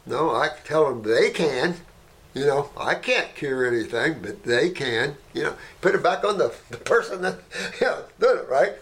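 Rambling, animated man telling stories. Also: moderate pace, vocal fry. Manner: rambling, peppered with "you know" and "right?"; animated, jumps up in pitch when telling stories. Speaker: herbalist running a clinic. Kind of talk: casual anecdotal talk.

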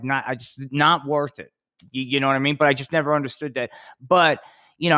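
A laid-back man co-hosting a casual podcast, with a somewhat high voice. He drawls along, filling his talk with "man" and "you know." The recording is dry and close. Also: fairly bright tone, dry recording. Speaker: podcast co-host. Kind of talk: casual chat.

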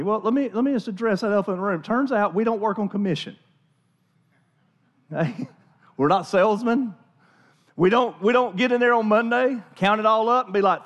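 A man's voice: high voice, expressive, fairly quick. A man preaching a sermon as pastor in a church, chatty and conversational, often restarting and repeating words.

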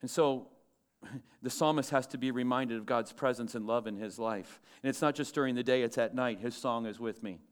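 A pastor preaches to his church congregation, asking the room questions and growing loud and animated whenever he quotes scripture. His medium-pitched voice is smooth and moves at a moderate pace.

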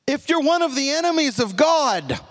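Man, high voice, pastor preaching a sermon, emphatic, sinks low for emphasis. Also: sing-song, moderate pace. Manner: emphatic, drops low for key points. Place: church.

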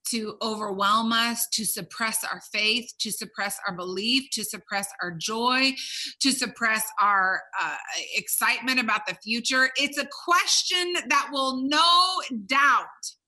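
Woman preacher: high, piercing voice, emphatic sermon delivery that drops into hushes. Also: measured pace, low-quality recording. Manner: emphatic preaching, swinging from loud stresses to hushed low tones.

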